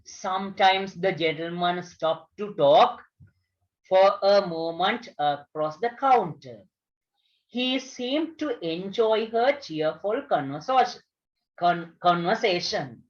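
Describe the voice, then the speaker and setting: A woman's voice: on the low side, expressive, takes it slowly. A woman from Sri Lanka, a teacher reading a story aloud and repeating words carefully for her students in an online video class. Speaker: English teacher. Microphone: video call. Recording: dull lo-fi online class audio.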